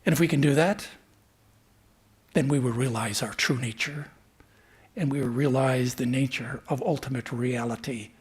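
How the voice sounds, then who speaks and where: A man giving a spiritual talk in a temple, mixing a teaching tale with philosophy. His voice is husky and mid-pitched, moving between animated storytelling and hushed, quiet emphasis. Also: moderate pace, long pauses. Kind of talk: sermon with storytelling.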